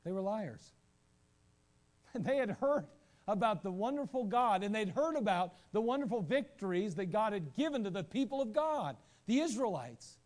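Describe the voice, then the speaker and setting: A man preaching a sermon, animated, asking rhetorical questions and acting out quoted voices, at times rising to shouts. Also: high voice, moderate pace. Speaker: pastor.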